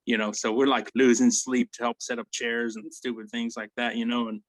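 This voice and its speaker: A male veteran recounts his deployment in a relaxed, profane interview voice of middle pitch. He slips into quoted dialogue as he goes, laughing along the way. The sound is dry and close, with no room echo. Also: brisk. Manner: profane, animated storytelling with acted quotes. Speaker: interview guest, Army veteran. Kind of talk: casual storytelling interview.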